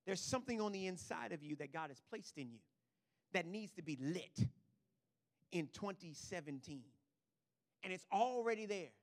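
A male pastor preaching a sermon, swinging from quiet asides to loud, emphatic declarations and checking in with the congregation. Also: high voice, expressive, moderate pace, long pauses, long reverb tail.

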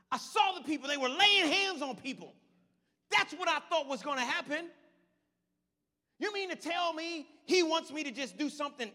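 A man's voice: very high-pitched, pushed and bright, big-room sound, voice pushed up. A man doing an indignant, boastful army commander. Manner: indignant, boastful, colloquial rant. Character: proud sick foreign male army commander.

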